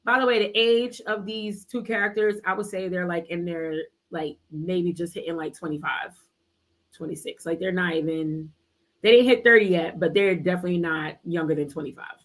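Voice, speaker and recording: A woman with a lowish voice and moderate pace hosts a live book club stream. In a casual book recap chat, she retells a story in slangy language, sprinkling in playful asides.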